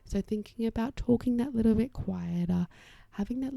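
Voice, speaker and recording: A young woman talks through parenting strategies on her solo podcast. Her voice is deep-toned and mellow with a gravelly edge, and it sounds dry and close. She is chatty and reassuring and often drops to a soft whisper. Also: moderate pace, hardly any pauses, no echo. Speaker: occupational therapist podcast host.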